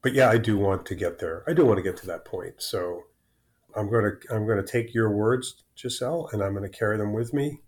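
A man's voice: on the low side, fairly quick, darkish tone. A man in his sixties from Florida, a guest talking frankly and with self-deprecating humor in an interview, often repeating words as he starts sentences. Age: 60s. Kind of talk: candid interview conversation.

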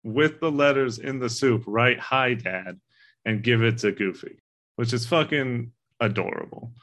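A man's voice: medium pitch, a little slow, fairly bright tone. A man co-hosting a casual movie discussion, talking in an earnest, rambling way and swearing casually. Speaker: podcast co-host.

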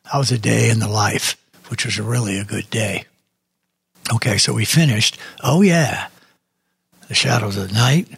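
Gravelly, raspy older man hosting a music show. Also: fairly low pitch, moderate pace, fairly bright tone, no room sound. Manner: rambling, chatty, wanders off on tangents. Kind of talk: casual radio show chat.

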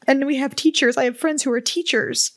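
A woman hosting a solo podcast, talking slowly and candidly with open emotion and casual swearing. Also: sits high, fairly even intonation, a bit bright, no room sound. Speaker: podcast host. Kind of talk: heartfelt solo podcast talk.

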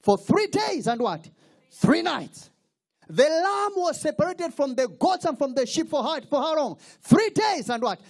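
Pastor guy preaching, call and response, pitch swinging up and down. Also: very animated, measured pace. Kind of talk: sermon.

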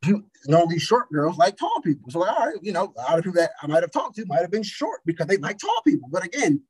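A young man in casual chat, telling stories in a blunt, profane, animated way. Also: high voice, fast talker, slightly rough, low-quality recording.

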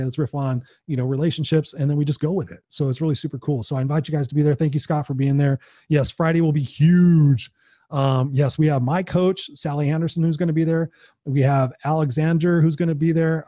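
A middle-aged man, a motivational speaker, hosting a casual livestream and talking in an energetic, emphatic, profane way. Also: fairly high pitch, dry recording, clean studio sound.

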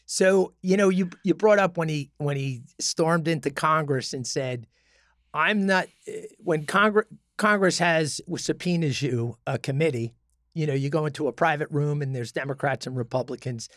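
A man with a notably high voice co-hosts a casual talk show. He tells long stories, stumbling over restarts and voicing the people he quotes. The sound is close and dry. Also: normal speed, fairly bright tone, no room sound. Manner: storytelling with many restarts, acting out quoted people. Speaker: podcast co-host. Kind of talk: casual political chat.

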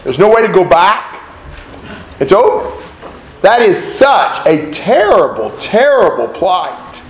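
Male Bible teacher, somewhat high voice, emphatic and lively, recorded in a roomy space with faint background noise. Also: slow. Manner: emphatic, animated, with rhetorical questions. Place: room with a group of listeners.

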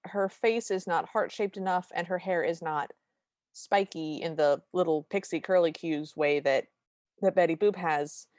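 A woman's voice: lowish voice, unhurried, darkish tone, no echo. A woman co-hosting a podcast, chatting in a wry, detailed way about an old cartoon. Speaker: podcast co-host. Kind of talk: casual chat reviewing a cartoon.

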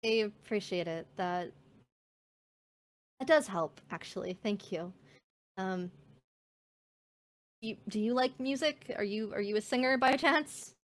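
A woman voicing a shy, shaken female mermaid singer who speaks softly and hesitantly, with halting restarts. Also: medium pitch, close to an everyday voice.

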